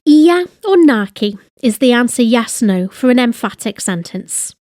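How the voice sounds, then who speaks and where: A woman narrating a scripted language lesson, speaking slowly and carefully with deliberate enunciation. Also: on the high side, expressive, darkish tone, no echo, clean studio sound. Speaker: language teacher.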